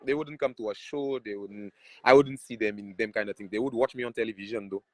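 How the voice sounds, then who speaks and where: A man's voice: lowish voice, quick pace, no room sound, low-quality recording. A man with a Saint Lucian accent, a calypso artist, talking animatedly about his music video and family in a casual interview. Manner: animated, patriotic, repeats phrases like "you check what I showing you".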